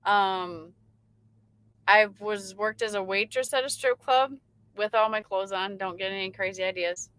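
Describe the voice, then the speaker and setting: A woman's voice: medium pitch, steady tone, measured pace, a bit bright, clean tone, dry recording, rough recording. A woman, a truck driver, chatting casually on a late-night livestream and reading out viewer comments, rambling with lots of fillers.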